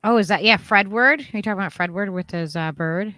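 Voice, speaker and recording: Woman, mid-pitch, chatty casual host, loose and profane, dry close mic. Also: fast talker, bright, forceful tone, no echo. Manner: casual, frequent "like", swears freely. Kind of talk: casual chat.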